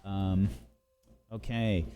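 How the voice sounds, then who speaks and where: Slow, unhurried male game master. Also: low-pitched, little pitch movement, mellow, soft background music. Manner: unhurried, many fillers. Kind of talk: narrating a tabletop game.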